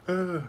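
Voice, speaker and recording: Rambling man chatting on a livestream. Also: heavy background noise. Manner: rambling, slangy, laughs often. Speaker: livestream host. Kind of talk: casual livestream chat.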